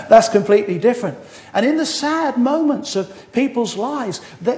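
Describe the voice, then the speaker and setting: A man's voice: high-pitched, a little mellow. A man in his sixties preaching a sermon, earnest with wry humorous asides. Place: church hall. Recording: echoey hall.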